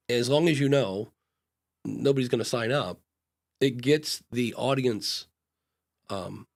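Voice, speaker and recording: A man of middling pitch chats casually as co-host of a live podcast advice show. He talks frankly and loosely, with plenty of ums and restarts. He often slips into quick acted-out exchanges between himself and the people he coaches. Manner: acts out little back-and-forth dialogues in changing voices; frank, loose talk with frequent fillers and restarts.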